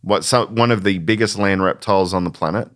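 A man's voice: sits low, fairly quick, fairly bright tone. An Australian man hosting a podcast, explaining in an informative, earnest and slightly lecturing way. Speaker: podcast host. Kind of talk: casual podcast chat.

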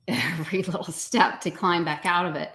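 A woman's voice: on the low side, fairly even intonation, normal speed, a bit bright. A woman in her forties, a guest actor in a casual interview, talking with upbeat emphasis and easy laughs.

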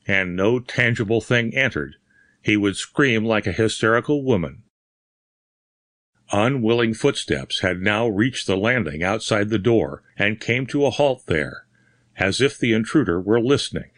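Male audiobook narrator, lowish voice, measured delivery, dry booth sound. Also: fairly bright tone, no echo. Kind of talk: audiobook reading of a pulp horror story.

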